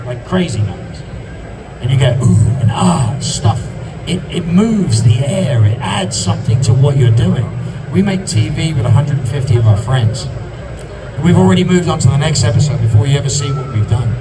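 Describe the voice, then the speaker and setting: A man's voice: a little high, lively intonation, normal speed, far from the mic, noisy background. A man giving an impassioned guest talk on a convention stage, stacking up emphatic repeated phrases. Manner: passionate, emphatic repetitions.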